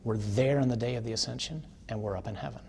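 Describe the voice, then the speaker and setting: Guy preaching like he's just chatting, medium-pitched, throws in "huh?" and "okay?", then ramps up hard. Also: fast talker, gravelly. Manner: casual and storytelling, with tag questions like "huh?" and "okay?"; builds to forceful emphasis. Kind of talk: conversational teaching sermon.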